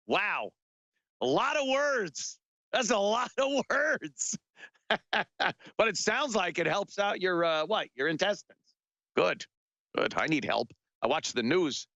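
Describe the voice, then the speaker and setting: A man's voice: sits high, big pitch swings, unhurried, pauses often, pushed and bright, no room sound, muffled recording. A man hosting a talk radio show, delivering a sarcastic, rambling monologue with lots of filler words.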